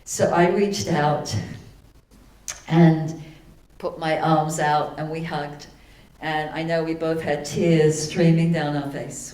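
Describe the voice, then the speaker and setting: A woman giving a sermon, telling a personal story, then leading a slow, soothing guided meditation. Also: sits low, a little mellow. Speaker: spiritual speaker. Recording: echoey hall from far off.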